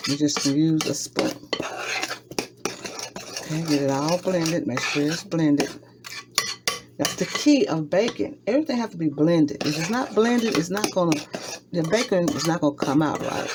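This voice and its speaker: Dishes and utensils clatter in the noisy background as a woman with a fairly low-pitched voice cooks in her home kitchen. A vlogger, she gives a casual demonstration, speaking right to her viewers and restating each step as she goes.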